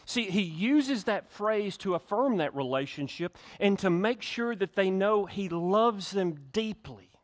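A man's voice: sits high, lively intonation, unhurried, hardly any pauses. A male pastor, preaching a conversational sermon to his church with frequent restarts and acted-out quotes. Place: church sanctuary.

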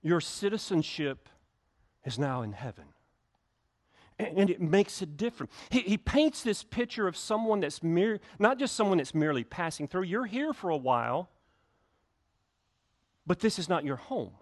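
A man's voice: sits high, big pitch swings, moderate pace, long pauses. A male pastor, preaching a conversational sermon to his church with frequent restarts and acted-out quotes. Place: church sanctuary.

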